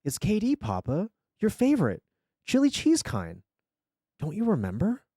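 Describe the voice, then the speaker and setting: A man's voice: high-pitched, huge pitch swings, normal speed, dark tone, breathy edge, no echo, studio quality, pitched above the performer's own voice, full character voice. A man voicing a frightened nine-year-old boy who speaks with a Russian accent and pleads plaintively. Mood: pleading.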